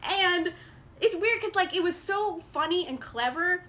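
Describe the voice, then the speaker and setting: Bright, bubbly young woman vlogger. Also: very high-pitched, lively intonation, a little slow. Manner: bubbly, chatty, lots of "like" and laughs. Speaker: book vlogger. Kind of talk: casual book haul chat.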